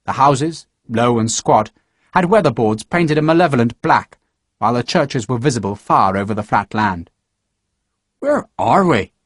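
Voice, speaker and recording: A man narrating an audiobook with a steady, measured reading. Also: mid-range voice, no echo, studio quality.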